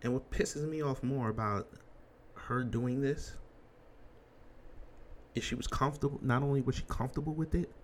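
A man's voice: medium pitch, moderate pace, pauses often, slight background noise. A man hosting a commentary show, ranting bluntly and emphatically with crude language. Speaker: commentary host.

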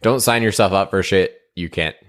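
Male podcast co-host, very low voice, loose rambling chat. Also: moderate pace, fairly bright tone. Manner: rambling, heavy on fillers like "like", laughs easily. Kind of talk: casual chat.

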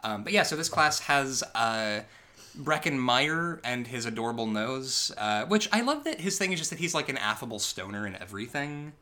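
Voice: mid-range voice, big pitch swings, moderate pace, sharp tone. A podcast co-host recapping a movie in casual, wry chat, full of asides and fillers.

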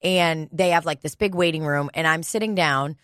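A woman's voice: deep voice, moderate pace, fairly bright tone, no echo, clean studio sound. A woman in casual chat, telling candid personal stories with plenty of swearing. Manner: candid, profane storytelling.

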